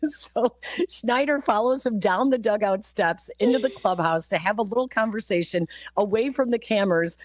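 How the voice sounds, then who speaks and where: A woman hosting sports talk radio, telling stories in a relaxed way and laughing at the funny parts. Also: mid-range voice, moderate pace, no room sound. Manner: storytelling, laughing through anecdotes. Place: radio studio.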